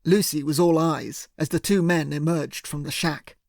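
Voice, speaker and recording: A man reads a first-person audiobook in a steady, measured way. His voice sits a little high with a gravelly rasp, and the recording is close and bone-dry. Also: no echo. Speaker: audiobook narrator.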